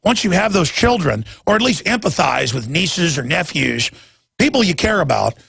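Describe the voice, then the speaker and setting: In a dry recording, a forties-aged male talk radio host gives an impassioned monologue at a moderate pace. His voice sits on the high side, sing-song, gravelly, a bit bright, and slightly rough, and he speaks with intense emphasis, stumbling over repeated words when riled up.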